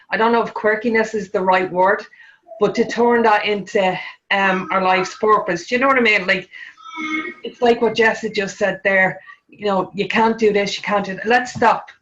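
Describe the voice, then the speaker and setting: A woman's voice: mid-range voice, a bit bright, muffled recording. A woman hosting a round-table discussion, speaking in an earnest, chatty way full of fillers. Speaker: host.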